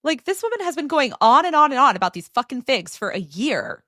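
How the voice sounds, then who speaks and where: A woman podcast host telling a story in a casual chat, animated and full of "like" fillers. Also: high voice, brisk, dry recording, studio quality. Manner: animated retelling with many "like" fillers.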